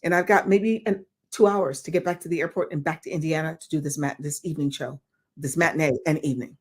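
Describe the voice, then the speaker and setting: An older woman with a slightly low voice tells a story as an interview guest. She is animated and swears freely, and she acts out the people in her tale as she goes. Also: fast talker, breathy edge. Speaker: guest actress.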